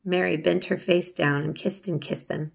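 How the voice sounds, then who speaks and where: A woman reading a children's novel aloud, unhurried and steady, with small slips. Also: on the low side, creaky, husky. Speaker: storybook reader.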